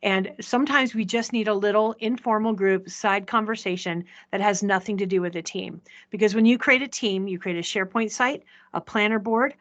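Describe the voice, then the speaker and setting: Chatty woman presenting a software demo. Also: mid-range voice, brisk, few pauses, highs cut off. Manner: chatty, asks "right?" often. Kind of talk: live software demo talk.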